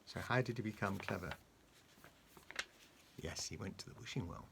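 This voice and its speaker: A man reading a children's story aloud, animated and coaxing, stopping to ask the child questions. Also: low-pitched, moderate pace, gravelly, slight background noise.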